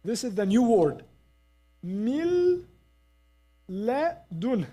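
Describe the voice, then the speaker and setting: In a live mosque class, a Quran recitation teacher repeats sample sounds slowly and checks on how the students are doing. The voice is mid-range, mellow and sing-song.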